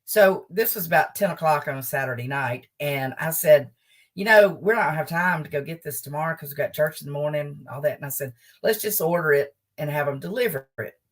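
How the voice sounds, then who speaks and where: An older woman, a guest humorist, telling a funny story from home in a lively, laughing way. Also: deep voice, brisk, distant mic. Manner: animated, laughs as she tells the story. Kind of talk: comic storytelling.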